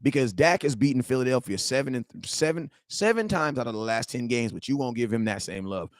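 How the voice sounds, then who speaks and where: Fairly quick and expressive in a mid-range voice, a young man rants on his sports talk live stream with no room sound. He gets heated, uses slang, repeats himself, and speaks right to his audience.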